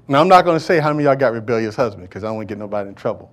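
A male pastor delivering a sermon to a congregation, joking and asking the listeners to fill in words, swinging between loud declarations and low asides. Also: animated, rapid-fire, few pauses. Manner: call-and-response preaching, asks congregation to fill in words. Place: church service before a congregation.

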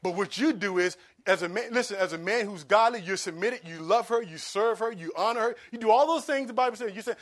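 Man, pastor, sermon, high voice, hushed asides, loud emphatic pleas. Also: fairly quick, few pauses.

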